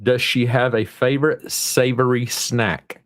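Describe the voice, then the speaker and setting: A man's voice: mid-range voice, fairly even intonation, unhurried. A male host chatting casually and jokingly, reading out viewer comments. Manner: reads out viewer comments, jokey. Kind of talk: casual chat.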